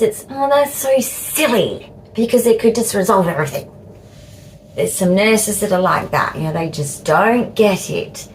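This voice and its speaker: An Australian woman in her fifties vlogging in a halting, repetitive way with cheeky asides. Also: fairly low pitch, slight background noise, low-quality recording. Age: 50s. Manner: slow, halting, repeats words, cheeky asides. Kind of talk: casual talk to camera.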